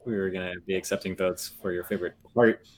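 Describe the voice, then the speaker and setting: A man's voice: low-pitched, steady tone, fast talker, darkish tone. A man co-hosting a podcast in casual chat, playful and joking, laughing often. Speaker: podcast co-host.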